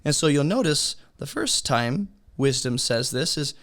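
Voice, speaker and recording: A man teaching a beginner's Bible study lesson in a relaxed, conversational way, asking his listeners rhetorical questions. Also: a little high, a little slow.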